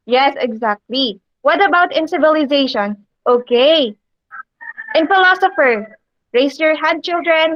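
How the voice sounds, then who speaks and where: A woman teaching a lesson, speaking slowly and deliberately and often asking an imagined class questions. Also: sits high, fairly bright tone, no room sound. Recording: dull, dry lo-fi recording.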